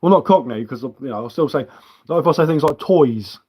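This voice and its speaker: Man, Sussex accent with a London edge, live-stream host, casual rambling chat, matey, mid-pitched voice. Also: lively intonation, brisk, warm tone, breathy edge, rough recording. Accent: Sussex English mixed with a London tinge. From Sussex, England. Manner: rambling, chatty, matey and loose. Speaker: livestream host.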